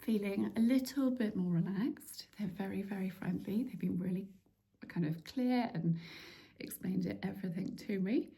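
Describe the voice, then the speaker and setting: A middle-aged woman from England talking through her day in a casual vlog, chatty and emotional, often dropping to a hush. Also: medium pitch, normal speed, creaky. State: emotional, tearful. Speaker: vlogger. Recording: echoey room, faint background noise.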